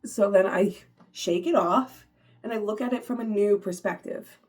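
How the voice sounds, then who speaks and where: A woman's voice: medium pitch, normal speed, darkish tone. A woman, giving a casual, upbeat motivational talk to her viewers, full of "like" fillers and laughter. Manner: chatty, upbeat, many "like" fillers, laughs often. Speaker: vlogger.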